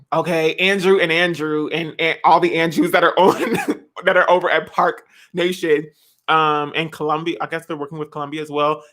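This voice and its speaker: Animated young woman chatting to camera. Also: on the low side. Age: 20s. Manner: animated, dramatic, laughs often, sings snippets. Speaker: vlogger. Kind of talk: casual chat.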